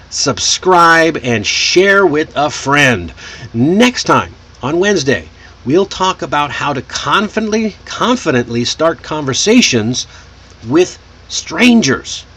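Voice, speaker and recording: This is a man running a live online English lesson. He speaks at an unhurried, deliberate pace in a mid-range voice, drawing sounds out as he models them for learners. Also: medium pitch, fairly bright tone. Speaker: English teacher and show host.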